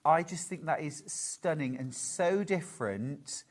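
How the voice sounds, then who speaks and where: A woman's voice: low-pitched, lively intonation, measured pace. A British woman co-presenting a live TV quilting sales show, chatty and gushing.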